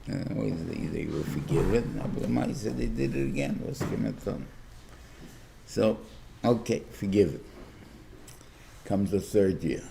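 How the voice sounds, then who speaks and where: An older rabbi gives a Torah class lecture in a dark, mellow voice with heavy gravel in it. He speaks haltingly, repeats his words, and acts out short back-and-forth dialogues. A faint hiss sits behind him. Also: lowish voice. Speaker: rabbi teaching a weekly class.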